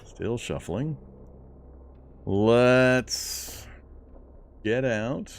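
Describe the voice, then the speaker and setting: A man's voice: mid-range voice, animated, extremely slow, slight background noise. A man talking to himself while playing a game, chatty and laughing often as he comments. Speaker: gameplay commentator. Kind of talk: casual let's-play commentary.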